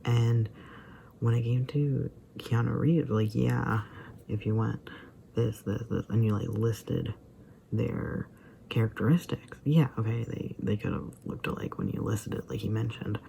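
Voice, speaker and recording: A man's voice: mid-range voice, a little slow, creaky, dark tone, a little hiss or hum. A man giving casual, rambling commentary on a video he watched, with lots of fillers and asides that drop almost to a whisper. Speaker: vlogger reacting to a video.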